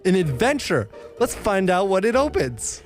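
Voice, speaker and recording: A man's voice: high voice, big pitch swings, moderate pace, music in the background. A man reading an adventurous young mouse.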